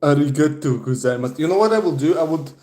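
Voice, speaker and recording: A man's voice: a little high, expressive, quick pace, mellow, roomy sound. A young man from Serbia chatting casually on a livestream, out of breath after push-ups and swearing often. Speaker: streamer.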